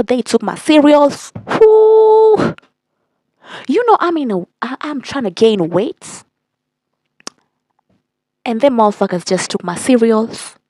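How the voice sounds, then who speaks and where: A young woman telling a storytime vlog in a casual, animated way, cursing and repeating lines for emphasis. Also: a little high, no echo. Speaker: vlogger.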